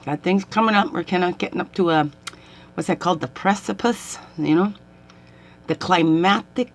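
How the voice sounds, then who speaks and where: A middle-aged woman styling herself a medicine woman talks to camera in a rambling, casual way, her storytelling animated and punctuated by giggles and laughter. Her voice is lowish and moderately paced.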